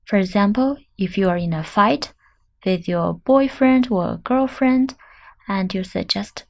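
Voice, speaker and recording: A woman teaching beginner Chinese, repeating each word slowly and clearly for the learner. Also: medium pitch. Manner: clear, deliberate pronunciation drills. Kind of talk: slow language lesson.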